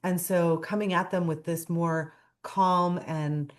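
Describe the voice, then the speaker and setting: A woman guest in a casual talk show, telling a story with lively, expressive delivery. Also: fairly low pitch, slow pace. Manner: animated storyteller, acts out characters' lines. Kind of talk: casual chat.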